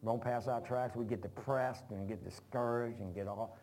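A man's voice: mid-range voice, steady tone, normal speed, darkish tone. Folksy preacher man. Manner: folksy, rambling, repeats phrases. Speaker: pastor. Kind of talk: informal sermon.

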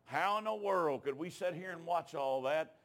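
A middle-aged man preaching, telling a personal story in a folksy, emotional way that rises into shouted preaching. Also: a little high, normal speed. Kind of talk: storytelling sermon.

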